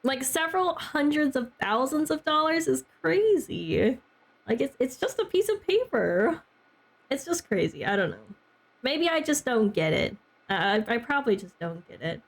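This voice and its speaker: Young woman, streamer, chatty, lots of "like", a little higher voice. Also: sing-song, normal speed. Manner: chatty, heavy use of "like", frequent laughs. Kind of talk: casual chat with stream chat.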